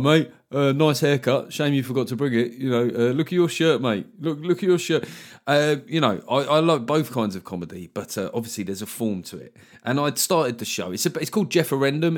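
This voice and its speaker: A middle-aged man, a comedian hosting his own podcast. He chats casually, swears freely and acts out other people's voices as he tells a story. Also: medium pitch. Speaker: podcast host and stand-up comedian. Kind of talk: casual solo podcast monologue.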